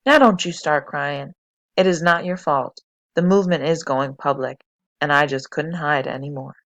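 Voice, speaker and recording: A storybook reader voicing a calm, gentle mother who speaks softly. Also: mid-range voice, normal speed, dry recording, close to an everyday voice. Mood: soothing. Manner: calm, soft-spoken. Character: calm, gentle mother, middle-aged woman.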